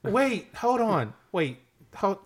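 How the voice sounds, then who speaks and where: A man's voice: high voice, big pitch swings, slow pace, husky. A man co-hosting a casual podcast, asking probing, incredulous questions. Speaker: podcast co-host.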